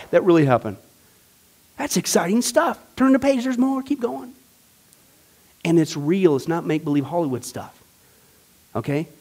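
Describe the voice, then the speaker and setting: Animated high-voiced male Bible teacher. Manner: animated, joking, enthusiastic with frequent fillers. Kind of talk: casual teaching. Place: church classroom.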